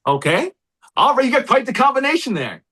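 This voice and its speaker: A man's voice: extremely high pitch, big pitch swings, fairly quick, sharp tone, husky. A man hosting a podcast, talking loosely and chattily with many fillers. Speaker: podcast host. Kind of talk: casual interview.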